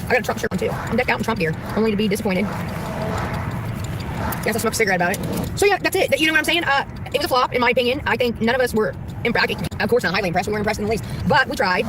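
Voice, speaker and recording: A woman's voice: on the high side, very fast, background noise. A woman hosting a casual live stream, telling rambling, profane stories and laughing often.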